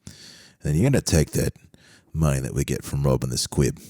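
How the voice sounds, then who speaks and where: A man putting on a gruff London gangster boss. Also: extremely low pitch, brisk, mellow, no echo, clean studio sound, voice pushed down. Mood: bossy. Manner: bossy, repetitive, tough-guy orders.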